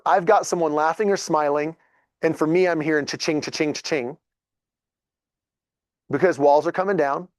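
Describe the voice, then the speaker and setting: A man, telling stories casually to a group in a lively, chatty way and acting out what people said. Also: fairly high pitch, dry recording, clean studio sound. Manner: animated, chatty, acts out dialogue. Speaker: real estate agent. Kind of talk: casual storytelling talk to a group.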